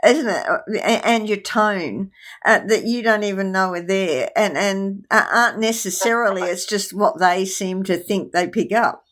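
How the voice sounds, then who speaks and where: A woman's voice: mid-range voice, a little slow, a bit bright. A woman hosting a podcast in casual chat, hesitant with fillers, her voice wearing out. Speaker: podcast host.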